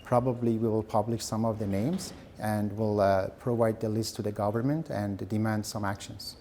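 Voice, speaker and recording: A man's voice: on the low side, fairly even intonation, normal speed, mellow, a little hiss or hum. A man with as his answering interview questions earnestly, with some hesitation.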